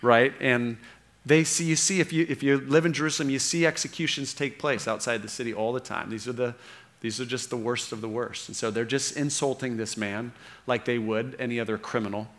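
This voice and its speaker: A man's voice: mid-range voice, steady tone, fairly quick, fairly bright tone. A man preaching a sermon, earnest and unscripted, with frequent fillers and restarts.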